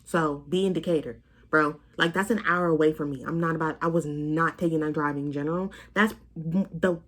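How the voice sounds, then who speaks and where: A woman's voice: low-pitched, fairly even intonation, a little fast, fairly bright tone. A young adult woman telling a story to her vlog camera in a blunt, emphatic, profane way. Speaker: vlogger. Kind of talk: casual storytime rant.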